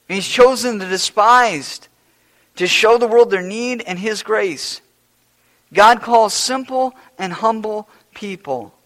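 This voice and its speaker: A male pastor delivers a sermon in a high-pitched voice to a church congregation. He stresses key points through repetition, dropping to a near hush before building back to loud declarations. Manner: emphatic and repetitive, swinging between hushed and loud.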